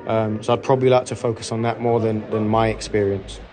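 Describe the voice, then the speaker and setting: A man giving a subdued, measured post-match interview about his team. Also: fairly low pitch, little pitch movement, crowd noise. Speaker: football player.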